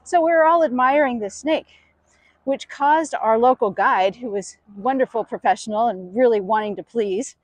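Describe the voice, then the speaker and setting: Lively woman telling a story. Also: on the high side, moderate pace, dry recording. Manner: animated, expressive storytelling. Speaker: speaker. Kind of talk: storytelling talk.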